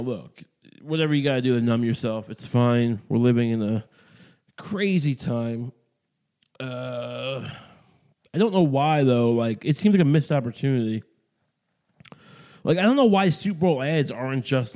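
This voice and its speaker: Brief: man, podcast host, meandering comic rant, swears often, mellow tone. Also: mid-range voice. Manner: profane, meandering, self-interrupting. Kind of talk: rambling comedic monologue.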